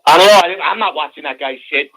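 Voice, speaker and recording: A man talking loudly and insistently, repeating himself to make his point, in a clip from another stream. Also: on the high side, fast talker, a little hiss or hum, low-quality recording. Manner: loud, insistent, repeats "listen to me". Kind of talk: heated talk played from another stream.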